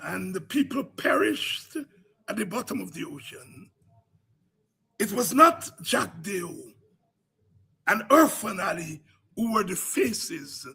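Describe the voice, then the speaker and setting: A Guyanese man hosting a political commentary program, speaking in an impassioned, preaching cadence that rises to cries and shouts. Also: high-pitched, very animated, takes it slowly, gravelly, pauses often, breathy edge.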